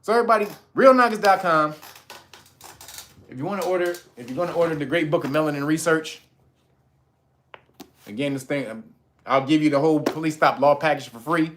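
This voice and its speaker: A man's voice: fairly high pitch, a little fast, pauses often, a bit bright, slight background noise. A man hosting a livestream, ranting in a blunt, profane and preachy way. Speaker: livestream host. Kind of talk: heated livestream rant.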